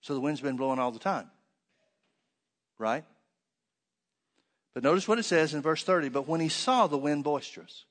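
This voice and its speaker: A man preaching a sermon, reading scripture aloud and then explaining it with rhetorical questions, swinging between loud emphatic stresses and hushed asides. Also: a little high, normal speed, pauses often.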